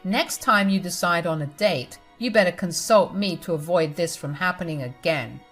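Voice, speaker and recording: A woman's voice: on the low side, moderate pace, soft background music, close to an everyday voice. A woman voicing a controlling, patronizing middle-aged mother who talks in a cold, demanding way. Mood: scornful.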